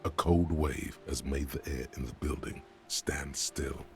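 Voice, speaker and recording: An actor voicing a grave male game narrator, describing scenes in a slow, measured way. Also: very deep voice, steady tone, faint music behind. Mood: somber.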